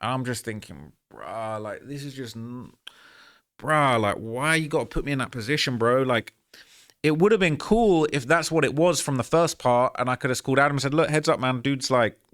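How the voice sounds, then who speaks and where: Fairly quick and fairly bright in tone, this medium-pitched YouTuber tells a story directly to camera. His casual monologue rambles, frustrated and earnest, full of "man" and "bro."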